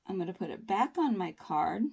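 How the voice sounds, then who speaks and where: A woman's voice: medium pitch, animated, normal speed, vocal fry, a little mellow, slightly rough. A woman chatting upbeat and reassuring through a nail tutorial, with folksy phrasing. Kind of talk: casual tutorial talk.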